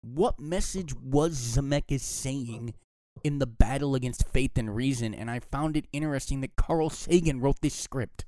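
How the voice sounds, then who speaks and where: A man co-hosting a podcast, talking through a film in a hushed, thoughtful, opinionated way. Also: medium pitch, moderate pace, no echo. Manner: speaking quietly, holding back his voice. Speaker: podcast co-host. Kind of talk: casual film discussion.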